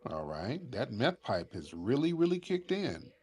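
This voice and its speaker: A man's voice: mid-range voice, unhurried, husky. A man hosting a live call-in show who mocks and talks down to an angry caller. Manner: mocking, condescending, lively. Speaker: show host. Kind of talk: heated call-in argument.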